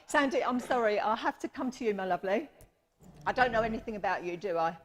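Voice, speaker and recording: Woman, medium, church service, chatty, affectionate, slightly high voice. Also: a little fast. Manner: affectionate, chatty, apologetic, calls listeners my lovely. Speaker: medium giving readings. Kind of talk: live mediumship demonstration.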